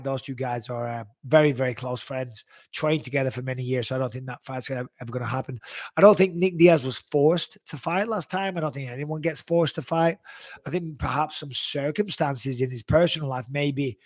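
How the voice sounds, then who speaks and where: A man hosting a live Q&A, answering viewer questions in a blunt, profane, animated way. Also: medium pitch, no echo. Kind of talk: live Q&A chat.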